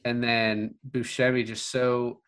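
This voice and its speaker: A man's voice: mid-range voice, flat delivery, takes it slowly, fairly bright tone, clean tone. Rambling man chatting about a film. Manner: rambling, heavy use of filler words. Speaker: podcast co-host. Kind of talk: casual chat about a film.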